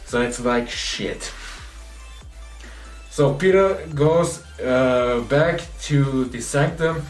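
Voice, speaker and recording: An excited man retells a film plot in a loose, casual review. He sits back from the mic in a roomy, echoey space, with faint music playing underneath. His voice is mid-pitched, and it dips low and quiet whenever he quotes a character. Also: far from the mic. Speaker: movie reviewer. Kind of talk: casual spoilery movie recap.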